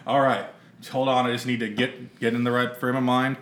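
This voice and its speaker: A man's voice: mid-range voice, little pitch movement, normal speed, a bit bright, roomy sound. A man hosting a casual podcast chat, teasing his co-hosts with mock-solemn buildups. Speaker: podcast host.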